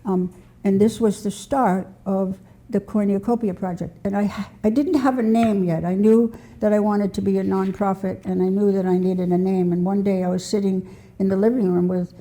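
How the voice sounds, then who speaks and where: Older woman, nonprofit founder, mellow tone, chatty storyteller with slides, laughs a lot. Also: mid-range voice, fairly even intonation, moderate pace. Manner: chatty, laughs often, breaks off mid-sentence. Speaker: nonprofit founder giving a talk. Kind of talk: casual storytelling talk with slides. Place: civic center hall.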